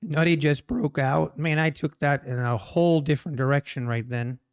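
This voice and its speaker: Excitable man trading live on stream. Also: a little high, normal speed, smooth. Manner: excitable, jokey, exclaims at the screen. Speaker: day trader streaming live. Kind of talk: casual live commentary.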